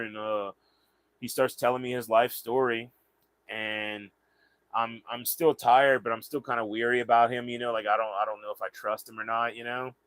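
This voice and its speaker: A man's voice: mid-range voice, level tone, a bit bright, no echo. Rambling man, dry sound. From Southern United States. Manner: rambling, halting with repeated words. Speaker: vlogger. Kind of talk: casual storytelling.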